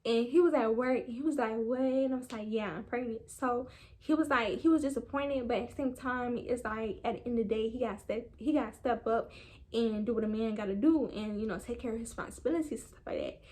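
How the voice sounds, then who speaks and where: A woman's voice: on the high side, fairly quick. Slangy young woman telling a story. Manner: animated, slangy, talks straight to viewers. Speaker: vlogger. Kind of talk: storytime vlog.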